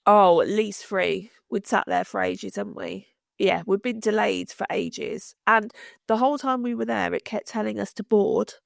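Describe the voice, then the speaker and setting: A woman co-hosting a podcast, telling a story in animated casual chat, swearing freely and acting out the people she quotes. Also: medium pitch, normal speed, gravelly, no echo, clean studio sound. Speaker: podcast co-host.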